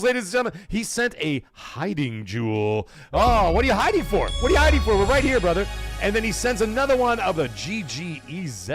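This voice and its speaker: A man hosting a gaming livestream, loudly shouting out chat donations and swearing casually. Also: on the high side. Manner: loud, hyped shout-outs reading chat donations. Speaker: livestream host. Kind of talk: energetic live stream chat.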